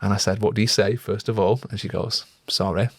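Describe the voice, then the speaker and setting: A man's voice: lowish voice, flat delivery, fast, creaky, no echo, studio quality. A young man co-hosting a podcast, telling a parenting story in an earnest, reflective way with lots of fillers. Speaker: podcast co-host. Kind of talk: casual chat.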